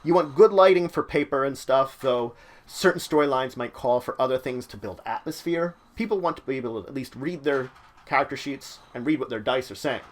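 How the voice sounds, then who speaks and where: A man with a medium-pitched, brisk voice hosts his own channel, offering game-mastering advice as casual instructional talk. He explains the tips loosely and conversationally, with frequent fillers.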